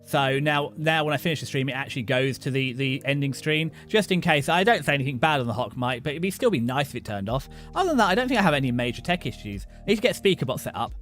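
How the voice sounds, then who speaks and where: A young British man hosting a livestream, rambling and joking excitably with many restarts. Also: mid-range voice, fast talker, hardly any pauses, soft background music. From Britain. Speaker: VTuber streamer host. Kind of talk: casual livestream chat.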